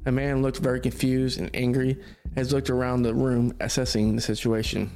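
A man's voice: mid-range voice, level tone, fairly quick, darkish tone, faint music behind. Man reading a story aloud. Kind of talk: podcast story narration.

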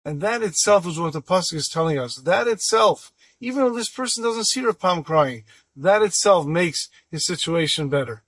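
A high-pitched man tells an inspirational story with earnest feeling. He voices each person in the tale himself. The sound is dry and close to the mic. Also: lively intonation, normal speed, fairly bright tone, husky, no room sound. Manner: earnest, acts out the voices in his stories.

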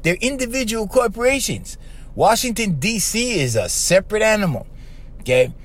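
A man from Hawaii hosts a casual podcast on his own. His voice sits a little high and leaps up and down as he talks straight to his listeners. He keeps mimicking the people he quotes. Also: lively intonation, normal speed. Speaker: podcast host.

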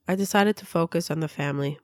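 A woman's voice: low voice, fast, no room sound, clean studio sound. A middle-aged woman from Israel telling a personal story earnestly, often repeating words for emphasis. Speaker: speaker sharing a personal story.

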